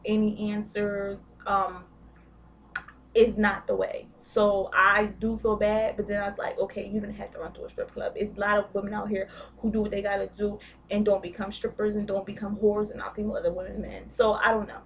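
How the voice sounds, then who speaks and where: A woman's voice: mid-range voice, level tone, normal speed, recorded from a distance, slight background noise. A young woman vlogging a casual, gossipy recap of a reality show, blunt and profane.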